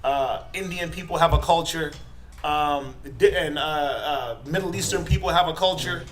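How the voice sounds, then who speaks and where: A middle-aged man teaching a Bible class, quizzing his students and tagging his points with "right?", building to forceful emphasis. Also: on the high side, normal speed, slight background noise. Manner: asks the class questions, tags lines with "right?".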